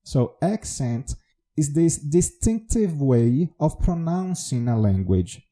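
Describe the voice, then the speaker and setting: A man's voice: a little high, big pitch swings, slow, warm tone. A man from Brazil with a Baiano Brazilian Portuguese accent, a native Portuguese speaker, hosting a solo educational podcast in an explanatory, teacherly way. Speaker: podcast host, English teacher.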